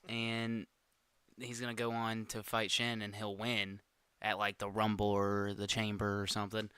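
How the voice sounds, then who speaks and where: Bright, smooth-voiced eager man. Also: on the low side, completely flat delivery, normal speed, no echo. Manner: eager, speculative. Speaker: podcast co-host. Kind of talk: casual podcast chat.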